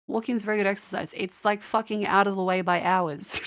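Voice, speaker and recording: A woman's voice: medium pitch, steady tone, brisk, fairly bright tone. Exasperated Australian woman ranting to chat. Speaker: streamer. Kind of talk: casual live-stream chat.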